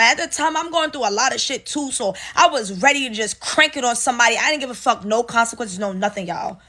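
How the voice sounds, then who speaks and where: A young woman, telling a profane, animated workplace story straight to her viewers. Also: a little high, a little fast, hardly any pauses. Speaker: storyteller vlogger. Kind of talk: casual storytime monologue.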